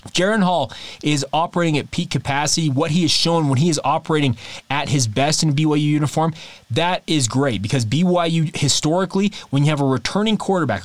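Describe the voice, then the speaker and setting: A man's voice: a little high, dry recording. A man hosting a sports podcast alone, giving emphatic, confident commentary and repeating words for stress. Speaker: podcast host.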